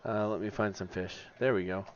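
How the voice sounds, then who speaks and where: A tired man with a fairly low voice talks through his game stream, half-mumbling his moves to himself and then breaking into loud, laughing outbursts. He yawns now and then. The audio is dull and muffled, with a faint hiss underneath. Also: fairly even intonation, brisk. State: sleepy, yawning. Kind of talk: casual gameplay commentary.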